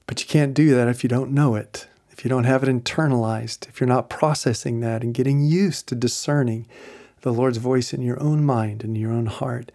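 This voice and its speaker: A man's voice: mid-range voice, steady tone, normal speed, gravelly, dark tone. Earnest man giving a devotional talk. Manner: earnest storytelling, ending in spoken prayer. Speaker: Christian teacher.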